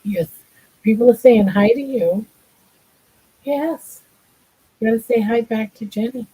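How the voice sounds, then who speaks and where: A woman's voice: on the high side, steady tone, normal speed, dark tone, breathy edge, rough recording. An older woman hosting a casual livestream chat from home, cooing to her pets in baby talk. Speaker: livestream host.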